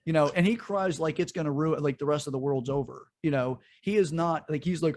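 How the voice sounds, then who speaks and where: A man's voice: a little high, brisk, few pauses, darkish tone. A man co-hosting a podcast, ranting in a heated, profane way during casual political chat. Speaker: podcast co-host.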